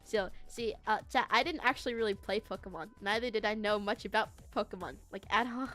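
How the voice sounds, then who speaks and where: A woman streaming as a VTuber, telling a story to her chat in a casual, animated way, laughing and swearing freely. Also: medium pitch, brisk, faint music behind.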